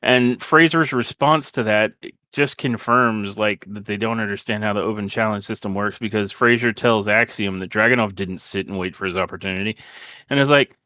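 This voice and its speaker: A man with a fairly low voice co-hosts a casual wrestling podcast. He recaps matches in a sarcastic way and slips into mocking impressions. The sound is dry and close, with almost no room. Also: moderate pace, pushed and bright, dry recording. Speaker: podcast co-host.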